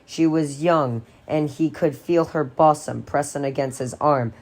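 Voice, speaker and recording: A woman with a notably low voice reads a horror novel aloud. Her delivery is steady and expressive, like a careful audiobook reader. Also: measured pace. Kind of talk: dramatic reading of a novel.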